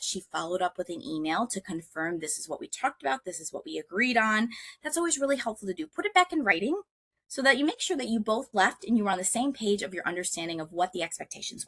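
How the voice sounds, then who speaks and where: A woman, giving a casual career talk on a video call, chatty and animated, with many "um"s. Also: medium pitch. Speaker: workshop presenter.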